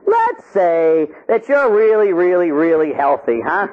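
A Catholic priest preaching an animated, jokey sermon, acting out little scenes for his listeners. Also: high-pitched, measured pace, narrow, tinny audio. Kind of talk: lively sermon with acted-out stories.

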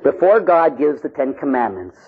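Intense, husky-voiced priest preaching. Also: male voice, mid-range voice, big pitch swings, normal speed, phone-quality sound. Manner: intense, swinging between loud pleading and hushed tones. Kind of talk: sermon.

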